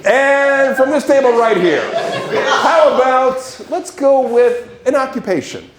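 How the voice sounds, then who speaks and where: A man hosting a live improv show, lively and joking with the audience. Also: extremely high pitch, measured pace, very noisy. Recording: echoey room.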